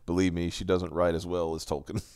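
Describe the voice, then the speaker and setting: A man's voice: low-pitched, flat delivery, a little fast, a little mellow, clean tone, no echo, clean studio sound. A man co-hosting a casual live stream, sarcastic and laughing often, reading chat comments aloud. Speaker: podcast co-host.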